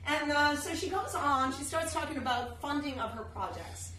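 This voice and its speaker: A woman in her thirties tells a comic story on stage, chatty and self-deprecating. Her voice sits high and bright. The live recording is distant and roomy, with faint noise. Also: moderate pace. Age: 30s. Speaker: solo stage performer. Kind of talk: solo comedy storytelling. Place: theater stage.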